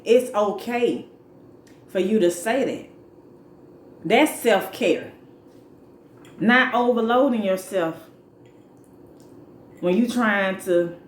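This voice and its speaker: A woman talks casually as she eats, easygoing and repetitive, laughing between her points. Her voice sits at a middle pitch. The room is echoey, with faint noise underneath. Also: takes it slowly, pauses often. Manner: relaxed, chatty, repeats points, laughs between lines. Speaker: mukbang vlogger. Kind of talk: casual advice talk while eating.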